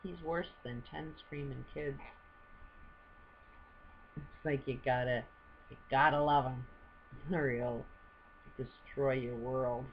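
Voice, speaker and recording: A woman's voice: very deep voice, steady tone, slow, pauses often, lo-fi sound, slight background noise. An older woman vlogging at home, chatting to camera in a rambling way and laughing often. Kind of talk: casual chat to camera. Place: at home with a pet bird.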